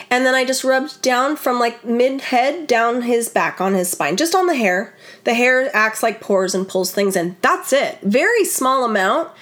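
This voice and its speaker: A middle-aged woman hosting a podcast, talking in a chatty, animated way and often turning to her listeners. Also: a little high. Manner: chatty, animated, many "like" and "you guys". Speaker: podcast host. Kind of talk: casual chat.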